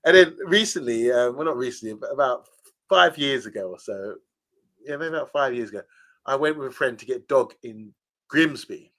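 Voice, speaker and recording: Casual male co-host. Rambling storyteller, mid-pitched voice, loose and chatty. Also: expressive, brisk, a bit bright. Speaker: podcast co-host. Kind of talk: casual chat.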